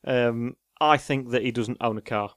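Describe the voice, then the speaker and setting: A man's voice: mid-range voice, normal speed, very noisy. A man co-hosting a casual chat, answering quiz questions while thinking aloud with hesitations. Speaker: podcast co-host.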